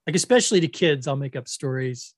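A man in casual conversation, relaxed and agreeable, sharing brief anecdotes. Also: mid-range voice, a little fast, no echo, studio quality. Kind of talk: casual chat.

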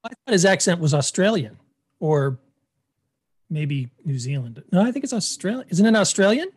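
A man with a high-pitched voice co-hosts a podcast. He talks in a measured, questioning way, poking at his partner's points and playing devil's advocate in easygoing chat. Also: big pitch swings, slightly rough. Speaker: podcast co-host. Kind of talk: casual chat.

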